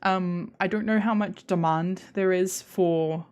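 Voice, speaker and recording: A young woman with an Australian accent chats slowly with live stream viewers in a fairly low, steady voice that is darkish, clear and resonant. She rambles, interrupts herself, and restarts her sentences through giggles.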